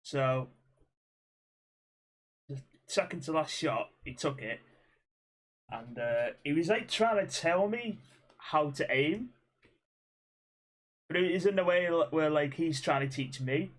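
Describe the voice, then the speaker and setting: A young man co-hosts a podcast in casual chat, swearing freely as he tells stories and acting out quotes with laughs. His voice is on the high side with lively intonation, and he takes it slowly, pausing often.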